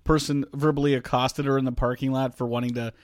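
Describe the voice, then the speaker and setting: A man's voice: mid-range voice, flat delivery, fast talker, no room sound. A man, a podcast co-host, telling a family anecdote in casual chat with dry asides.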